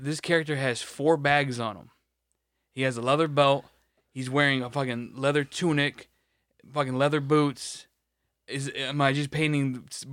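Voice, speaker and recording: A man's voice: mid-range voice, a bit bright, no room sound. Man, podcast co-host, casual rambling chat, lots of swearing, dry sound. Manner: rambling, profane, many restarts.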